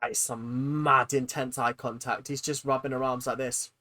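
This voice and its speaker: A reaction host riffing on a show with mock disbelief. The voice lurches from loud exclamations down to wry mutters and breaks into laughter often. Swearing comes casually in the banter. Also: mid-range voice, level tone, normal speed, over music. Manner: exaggerated, incredulous, swings from loud outbursts to mutters. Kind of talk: comedic reaction commentary.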